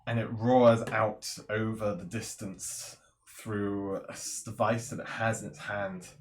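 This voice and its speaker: A man running a tabletop game as game master, describing scenes and explaining rules in a measured way. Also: on the low side, little pitch movement.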